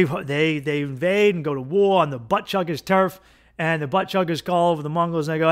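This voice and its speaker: A man hosting a podcast, telling a rambling, profane comedic monologue and acting out characters in louder, higher bursts. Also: steady tone, a little fast. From United States. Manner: profane, rambling, acts out gang voices in a louder higher pitch. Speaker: podcast host.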